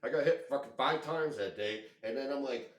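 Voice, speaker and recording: A man telling a story to his camera in a casual, rambling, excitable way, full of swearing. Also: medium pitch, fairly quick. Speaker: vlogger. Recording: echoey room.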